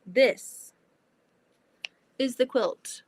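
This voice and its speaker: A woman hosting a casual livestream while she sews, chatty and animated, often breaking into exclamations. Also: on the high side, extremely slow. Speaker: livestream host. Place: home sewing room.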